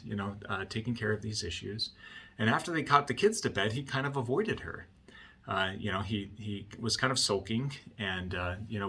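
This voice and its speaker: Low, gravelly male counselor with a bright, slightly husky tone who keeps checking in with the listener. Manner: conversational, often asks "right?". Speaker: marriage counselor. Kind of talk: explaining with a client story.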